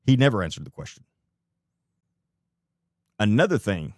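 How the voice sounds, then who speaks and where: A man's voice: on the low side, very animated, moderate pace, a little mellow, no echo, clean studio sound. A man commenting live on a video clip, blunt and incredulous, who swears and repeats rhetorical questions.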